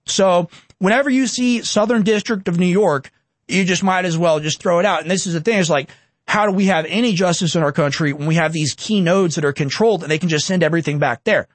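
Heated and sarcastic, this twenty-something man delivers political commentary as a rant, talking a little fast. His voice sits high for a man, captured close and dry without any room sound.

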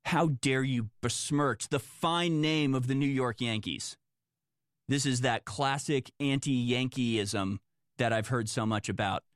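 A man's voice: medium pitch, slow, no room sound, clean studio sound, natural voice. A man playing a pompous, outraged baseball manager. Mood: indignant. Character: pompous indignant male baseball general manager.

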